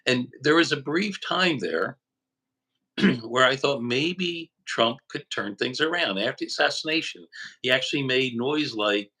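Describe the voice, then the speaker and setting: A man co-hosting a political livestream, talking in a measured, dry way during casual chat. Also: mid-range voice, sharp tone, slightly rough, rough recording. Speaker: co-host called doctor.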